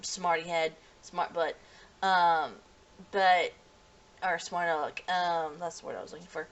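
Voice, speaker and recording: A woman recaps and reviews an anime episode in a loose, conversational way. Her voice sits a little low for a woman, and she talks in a rambling stream, often restarting and leaning on "you know" as she goes. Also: steady tone, unhurried. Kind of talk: casual spoken review.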